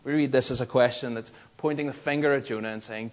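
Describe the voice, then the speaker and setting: A man with a Northern Irish accent preaching a sermon, earnest and measured, building his points through emphatic repetition. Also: medium pitch. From Northern Ireland.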